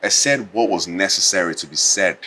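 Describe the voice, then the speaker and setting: An actor with a Nigerian accent playing a defensive, scornful man who angers quickly. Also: low-pitched, pushed and bright. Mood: indignant. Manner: indignant, scornful. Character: proud defensive man, quick to anger, dismissive of his fiancée. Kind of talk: film drama acting.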